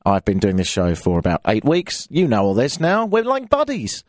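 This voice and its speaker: A man's voice: sing-song, moderate pace, darkish tone, dry recording, clean studio sound. A man with a London accent hosting a radio talk show, chatting in a self-mocking, rambling way. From England. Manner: chatty, self-mocking, with playful pitch swings. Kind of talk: casual radio monologue. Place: radio studio. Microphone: studio microphone.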